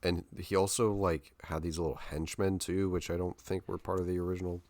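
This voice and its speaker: A man's voice: low voice, little pitch movement, a little fast, a little mellow, no echo. A young man co-hosting a podcast, telling a story in a loose, rambling way full of fillers and slang. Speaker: podcast co-host. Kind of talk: casual podcast chat.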